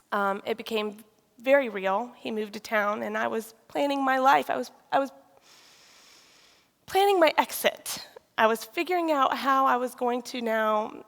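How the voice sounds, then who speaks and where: A woman tells a confessional personal testimony, often pausing and restarting. Her voice sits a little high and has a gravelly edge. The long reverb of a large hall trails behind her. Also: fairly bright tone. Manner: candid and confessional, with frequent pauses and restarts. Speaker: speaker sharing a personal testimony.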